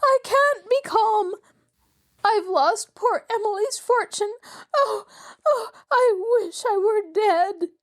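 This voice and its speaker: A woman voicing a frantic, tearful elderly lady, wailing in a high, drawn-out voice. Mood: distraught wailing. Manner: shrill, wailing, drawn-out pleading.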